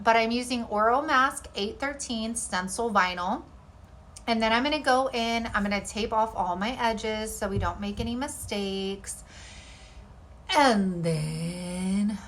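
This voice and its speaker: Bright, bubbly woman DIY vlogger. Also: medium pitch, a little hiss or hum. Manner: bubbly, rambling, lots of "like" and "y'all". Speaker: DIY craft channel host. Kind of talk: chatty craft tutorial voice-over.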